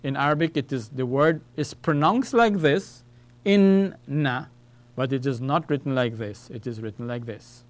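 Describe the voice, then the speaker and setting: A man's voice: medium pitch, moderate pace, hardly any pauses. A man teaching an Arabic lesson, explaining letters and repeating words so students can follow, often checking in with "okay?". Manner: ends phrases with "all right?" and "okay?". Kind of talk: classroom lesson at a whiteboard.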